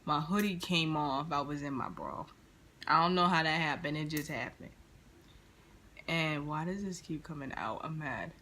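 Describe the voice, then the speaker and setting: A woman vlogger telling a story in an animated, slangy, dramatic way. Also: sits low, moderate pace, slight background noise. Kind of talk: storytime vlog.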